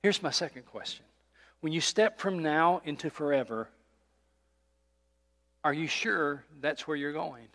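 A man's voice: on the high side, unhurried, pauses often, pushed and bright. Man preaching in a reverberant church. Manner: conversational preaching with rhetorical questions. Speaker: pastor. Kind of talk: sermon. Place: church sanctuary.

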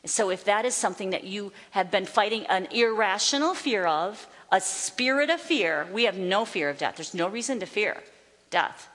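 A woman Bible teacher teaching from a stage, emphatic, slowing down to declare scripture. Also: mid-range voice, animated, a bit bright. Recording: long hall reverb.

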